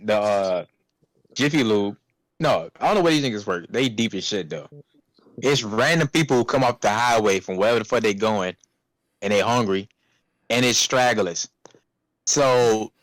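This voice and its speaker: A young man casually telling a profane, animated story about a fast-food job, acting out customers' voices. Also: fairly low pitch, no room sound. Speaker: podcast co-host.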